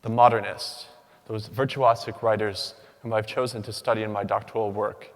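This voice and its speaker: A young man giving a prepared academic talk to an audience, speaking in a measured, rhythmic way with pauses between listed words. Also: fairly low pitch, little pitch movement. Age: young adult. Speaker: PhD candidate giving a symposium talk. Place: large lecture hall. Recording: long reverb of a large hall.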